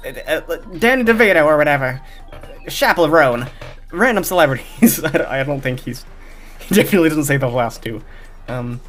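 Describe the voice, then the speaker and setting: A man's voice: a little high, fairly bright tone. A young man casually commenting between impressions, rambling and self-mocking, with faint music behind. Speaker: impressionist YouTuber.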